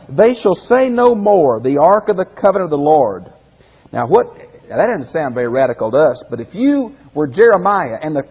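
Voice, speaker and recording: A man's voice: sits high, slightly rough. A man, a pastor, teaching a Bible class in a conversational way, asking the group questions and restarting phrases as he goes. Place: classroom or church hall with a group. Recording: phone-like lo-fi audio in a reverberant hall.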